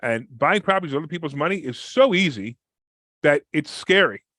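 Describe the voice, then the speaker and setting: Fast-talking, high-pitched man telling a story. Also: no echo. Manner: fast, energetic, acts out quoted people with big pitch jumps. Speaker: real estate investor guest. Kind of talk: animated storytelling in a podcast interview.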